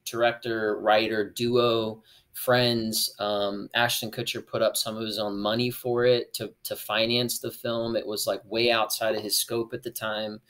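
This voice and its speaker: A young adult man, a former child actor, talking as a podcast guest in a relaxed, rambling way with plenty of fillers. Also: lowish voice, a little slow. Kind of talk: casual interview chat.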